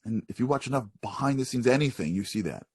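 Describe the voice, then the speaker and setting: Husky-voiced preacher telling stories. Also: male voice, medium pitch, quick pace, no echo. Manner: animated, conversational storytelling. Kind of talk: sermon.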